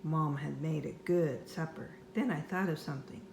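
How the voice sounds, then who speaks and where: An older woman reading a children's book aloud at home in a slow, expressive storyteller manner. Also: deep voice, gravelly, slight background noise. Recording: echoey room with faint ambience.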